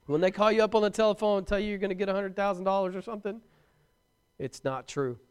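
A man preaching a sermon, animated and emphatic, with touches of humor and repeated words for stress. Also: high-pitched, fast, smooth.

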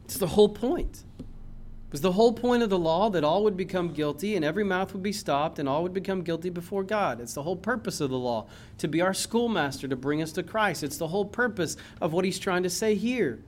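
A man preaching a sermon in a church, impassioned, swinging from loud emphasis to low earnest tones. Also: lively intonation, fairly quick, a little hiss or hum. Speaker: pastor.

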